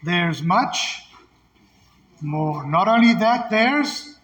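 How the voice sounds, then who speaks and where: Preacher guy, high voice, calls out to the crowd for answers, big echoey church. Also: lively intonation, extremely slow, a bit bright. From South Africa. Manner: call-and-response, emphatic, laughs easily. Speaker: pastor. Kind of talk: sermon. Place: church sanctuary. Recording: long church hall reverb.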